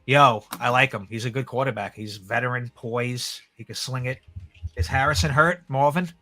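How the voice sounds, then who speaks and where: A man co-hosting a sports podcast, chatting casually and excitably about football with slang like "yo" and "bro". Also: medium pitch, moderate pace.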